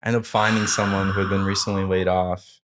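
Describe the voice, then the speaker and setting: A man's voice: low-pitched, flat delivery, quick pace, fairly bright tone. A man in his thirties hosting a podcast, telling a story animatedly and laughing as he goes. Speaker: podcast host. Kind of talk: casual storytelling interview.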